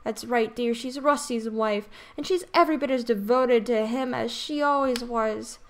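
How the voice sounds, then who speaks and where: A kindly old neighbor woman, as a woman reads her in a game gossips in a hushed, fussy murmur. She talks softly, leaning in to confide. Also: fairly high pitch, moderate pace, natural voice. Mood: gossiping. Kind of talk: reading game dialogue aloud.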